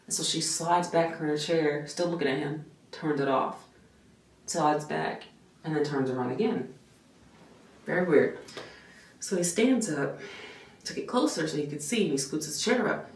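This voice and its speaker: A woman vlogger telling a story in a casual, animated way, swearing freely and saying "like" a lot. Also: deep voice, normal speed. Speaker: vlogger and nurse. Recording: echoey room, mic at a distance, faint background noise.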